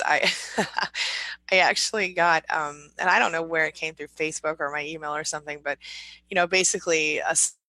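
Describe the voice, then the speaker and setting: A woman's voice: on the low side, a little fast, sharp tone, no echo, low-quality recording. A woman hosting a casual livestream, reading viewer comments aloud and answering them in a chatty, encouraging way. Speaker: livestream host reading chat.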